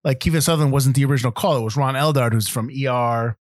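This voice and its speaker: A man's voice: mid-range voice, fast talker, no room sound, studio quality. A man hosting a podcast in a casual film chat, telling stories with many restarts. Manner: rambling, animated storyteller with many restarts. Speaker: podcast host.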